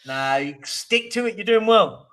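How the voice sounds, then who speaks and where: Upbeat English man, high bright voice. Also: lively intonation, unhurried. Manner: upbeat, joking. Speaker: podcast co-host. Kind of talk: casual chat.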